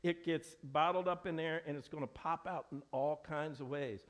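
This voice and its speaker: A man's voice: a little high, steady tone, normal speed. A middle-aged man preaching a sermon in a church, earnest and conversational, often restarting his sentences. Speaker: pastor. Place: church sanctuary.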